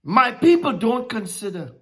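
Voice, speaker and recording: A preacher giving a casual, animated sermon, laughing often and slipping in slangy asides. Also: medium pitch, unhurried.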